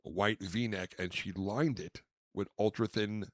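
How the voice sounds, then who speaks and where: Animated man telling stories, dry sound. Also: fairly low pitch, slow pace, no room sound. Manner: animated, acts out quotes loudly. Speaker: podcast co-host, comedian. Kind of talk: casual storytelling.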